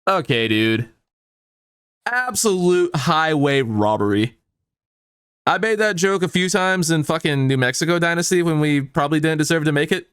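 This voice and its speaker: A man commenting on his own football video game dynasty, excitable and swearing often as his mood swings between hype and outrage. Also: on the high side, a little fast, hardly any pauses, clear, resonant tone, no room sound, clean studio sound. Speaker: gaming YouTuber. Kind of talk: let's play commentary.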